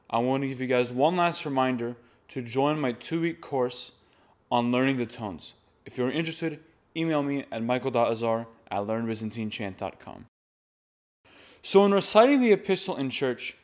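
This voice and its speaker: A man's voice: medium pitch, moderate pace. A man teaching how to chant a church reading, explaining plainly step by step. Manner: plain, explanatory, with sung demonstrations. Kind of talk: instructional talk to camera.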